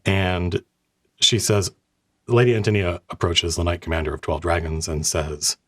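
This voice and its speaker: A man acting as game master, narrating a tabletop game with animated, self-correcting storytelling. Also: low voice, moderate pace.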